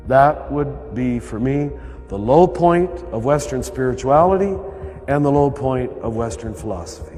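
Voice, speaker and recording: An older American priest with a throaty voice, giving an earnest, conversational spiritual talk to a live audience. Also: male voice, medium pitch, animated, normal speed. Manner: earnest, conversational, chuckling now and then. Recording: live talk with long hall reverb and soft music behind. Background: soft lo-fi music.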